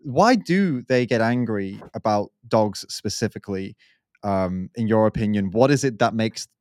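A man hosting a podcast, asking probing questions and answering with quick back-channel replies. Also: lowish voice, lively intonation, darkish tone, no echo, studio quality. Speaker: podcast host. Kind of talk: casual podcast interview.

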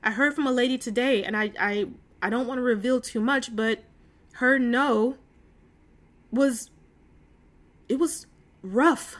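A woman's voice: on the high side, unhurried, pauses often, a bit bright. A woman hosting a casual faith talk on a call, earnest and emotional, chatty with many fillers and asides. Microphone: phone call.

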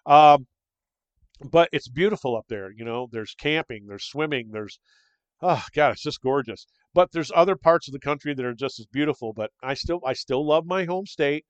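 A man's voice: a little high, expressive, moderate pace, clear, resonant tone, no echo. An older man from Michigan hosting his own show, chatting in a rambling, friendly way with many fillers and restarts. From Michigan, USA. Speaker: podcast host. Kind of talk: casual solo monologue. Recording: slightly dull, dry close-mic recording.

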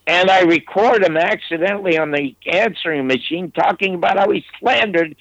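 A man's voice: high-pitched, normal speed, gravelly, a bit bright, no room sound. Older man telling a story, dull dry sound. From United States. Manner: emphatic, digressive, with restarts. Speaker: interview guest, former TV producer. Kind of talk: anecdotal storytelling.

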